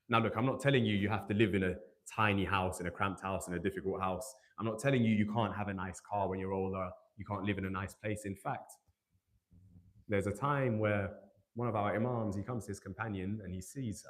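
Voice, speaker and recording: A man's voice: medium pitch, darkish tone. Man giving a religious youth talk. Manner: storytelling, acting out quoted dialogue; rhetorical questions to the audience. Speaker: youth majlis speaker. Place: hall.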